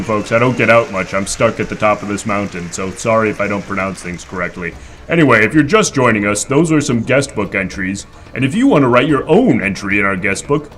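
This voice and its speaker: A man doing a theatrical mountain creature who hosts a comedy stream and eats his guests. His voice swoops up and down with lively, playful energy, at an ordinary middle pitch, with soft music under it. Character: man-eating male mountain creature, hammy host. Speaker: host of a live comedy stream. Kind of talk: improv comedy role-play.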